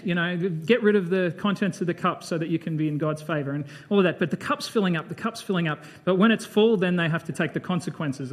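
A man giving a conversational Bible sermon, breaking off from the reading to comment in a chatty, reflective way. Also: high voice. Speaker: preacher.

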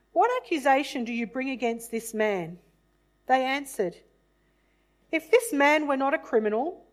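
A woman reading a Bible passage aloud in a measured, solemn way, then reflecting on it. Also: on the high side, poor audio.

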